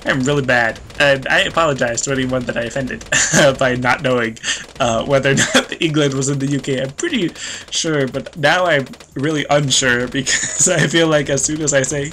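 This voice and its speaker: A man's voice: mid-range voice, fairly even intonation, a little fast, sharp tone, slight background noise. A young American man rambling through casual gameplay commentary, self-deprecating and full of fillers and small laughs. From United States. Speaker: let's play host.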